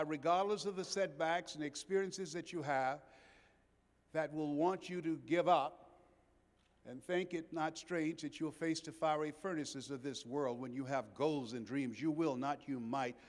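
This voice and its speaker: Older male motivational speaker, fiery, high-pitched, repetitive build-ups, big echoing convention hall. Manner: impassioned, rhythmic repetition. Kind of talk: motivational keynote speech. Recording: long reverb of a big hall.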